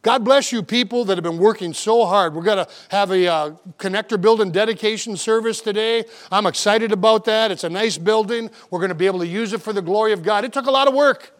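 High-voiced preaching pastor. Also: male voice. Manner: fervent preaching, with frequent repeated words and restarts; slows to a measured cadence when reading scripture. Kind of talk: sermon.

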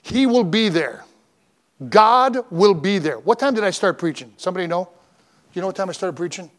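Male pastor, high-pitched, fervent and emphatic, sermon delivery with repeated lists. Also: lively intonation, fairly quick. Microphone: church microphone, broadcast on radio.

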